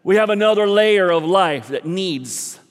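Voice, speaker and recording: Male pastor, higher-pitched voice, preaching with rising and falling intensity, reverberant sanctuary. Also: expressive, a little slow. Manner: dynamic preaching, swings between soft and loud. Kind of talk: sermon. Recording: long hall reverb.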